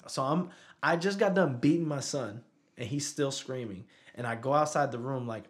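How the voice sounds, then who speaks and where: A man's voice: medium pitch, moderate pace. Man telling a story in casual conversation. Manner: conversational, repeats "you know what I'm saying". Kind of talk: casual chat.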